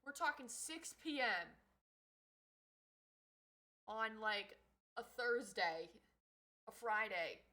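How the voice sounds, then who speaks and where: Bright, lively woman streamer. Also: on the high side, slow, pauses often, rough recording. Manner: animated storytelling, swears, laughs. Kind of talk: casual livestream chat.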